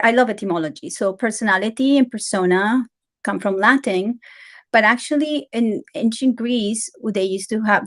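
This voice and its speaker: A woman guest speaks at a middle pitch, gentle and lively, explaining ideas with many fillers and restarts. She sounds tender and open. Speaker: interview guest. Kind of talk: casual interview talk.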